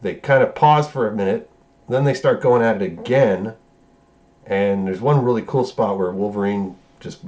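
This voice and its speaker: A man's voice: fairly low pitch, darkish tone, lo-fi sound. A man reviewing a movie, casually recapping scenes in a loose, profane way and correcting himself as he goes. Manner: loose, profane, rambling retelling with self-corrections.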